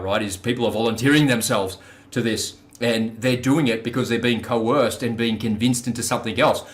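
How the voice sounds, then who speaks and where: A man's voice: mid-range voice, a bit bright. Blunt, profane man. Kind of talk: casual podcast conversation.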